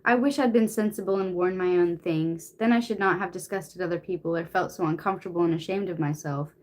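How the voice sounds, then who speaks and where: A woman's voice: lowish voice, a little fast, lightly acted. A woman reading the lines of a young woman at a ball, anxious and petulant. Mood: regretful.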